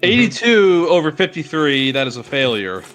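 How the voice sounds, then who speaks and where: Bright, slightly high man, tabletop player. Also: big pitch swings, moderate pace, a little hiss or hum. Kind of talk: casual tabletop game chat.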